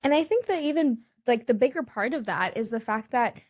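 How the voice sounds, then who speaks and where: A woman's voice: on the high side, lively intonation, fairly quick. A woman hosting a podcast interview, affirming her guest and leaning on filler words like "you know". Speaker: podcast host. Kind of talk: interviewing conversationally.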